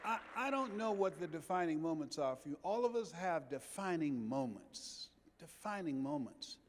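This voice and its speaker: Older male motivational speaker, fiery, high-pitched, repetitive build-ups, big echoing convention hall. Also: expressive, normal speed, some chatter behind, a little hiss or hum. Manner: impassioned, rhythmic repetition. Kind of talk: motivational keynote speech. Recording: long reverb of a big hall.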